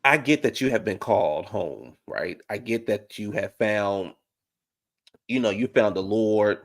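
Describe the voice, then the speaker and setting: A man's voice: fairly low pitch, lively intonation, a little slow. Blunt man ranting with emphatic repeats. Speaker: podcast co-host. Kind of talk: casual commentary chat.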